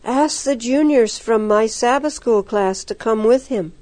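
Female reader doing a frail sick girl, soft-spoken, dry sound. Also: on the high side, unhurried, no room sound, close to an everyday voice.

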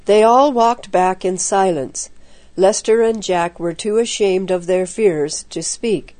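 A woman reading a children's story aloud with even, moralizing narration. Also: medium pitch, slow pace.

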